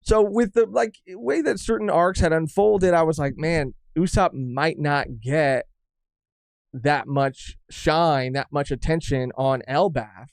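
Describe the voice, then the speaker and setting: A young man co-hosting a podcast in casual chat, rambling and halting with frequent restarts. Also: fairly high pitch, gravelly, a little mellow, dry recording, clean studio sound. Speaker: podcast co-host.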